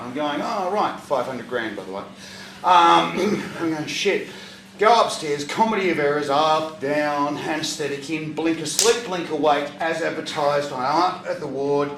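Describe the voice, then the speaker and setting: A man telling a profane stand-up story, breaking into loud shouts at punchlines. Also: on the high side, slight background noise. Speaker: stand-up comedian. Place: comedy venue stage, audience laughter. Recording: echoey live venue from far off.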